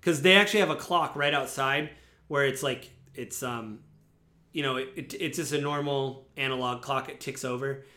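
A man's voice: mid-range voice, normal speed, sharp tone. A man narrating a tabletop game as game master, talking casually and rambling with many fillers.

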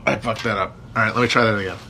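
A man's voice: lowish voice, steady tone, very fast, noisy background. A man chatting casually and rambling, with many fillers and restarts. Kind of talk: casual chat.

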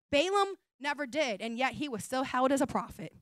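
Woman pastor, sermon; smooth, higher pitch, conversational with emphatic peaks. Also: very animated, brisk, no room sound. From United States. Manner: conversational preaching, rising emphatic pitch with soft asides.

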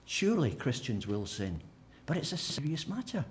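A man preaching a sermon, animated and humorous, acting out the voices of imagined people. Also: mid-range voice, moderate pace, a little hiss or hum. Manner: animated, acts out imagined speakers with humour.

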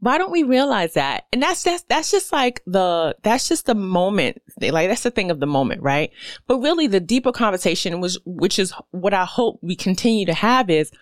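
A woman rambles through a solo podcast episode in a somewhat low, smooth, clear voice. Her delivery is candid and profane, full of fillers and side stories. The sound is close and dry, with no room around it. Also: moderate pace, no room sound. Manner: candid, profane, animated storytelling with many fillers. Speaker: podcast host. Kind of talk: casual solo podcast monologue.

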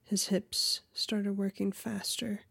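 A woman reading erotic fiction aloud in a soft, often half-whispered voice. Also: mid-range voice, level tone, slow pace, creaky, breathy edge, dry recording. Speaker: audiobook narrator. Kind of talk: erotic audiobook narration.

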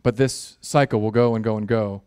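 A man preaching a sermon, animated and jokey, building in intensity at times. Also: on the low side, normal speed, clean tone. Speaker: pastor.

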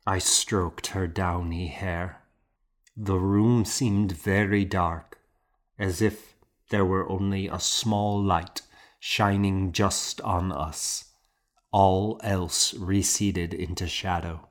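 A man reading a novel aloud as an audiobook narrator, in a measured, gentle way. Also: low-pitched, steady tone. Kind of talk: scripted narration.

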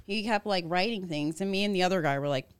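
A woman's voice: lowish voice, fast, clear, resonant tone. A woman co-hosting a podcast, talking about dating in a playful, laughing way. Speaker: podcast co-host. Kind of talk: casual chat.

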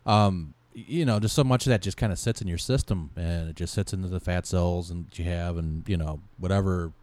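Low, mellow-voiced man in a dry room. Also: a little fast, no echo. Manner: easygoing, supportive listener with frequent agreement. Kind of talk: casual chat.

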